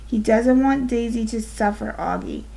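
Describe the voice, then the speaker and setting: A woman teacher voicing a gentle, sad mother who speaks softly and reassuringly, in a read-aloud of a children's novel. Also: fairly high pitch, normal speed, gravelly, poor audio. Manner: soft, reassuring.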